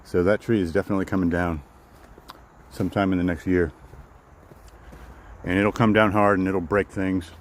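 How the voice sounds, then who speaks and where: Walking outdoors in the woods, this vlogger hosts a live walk, chatting casually with viewers in a low, steady voice at normal speed with long pauses. He rambles and says things more than once, and the rough recording has a slight hiss or hum.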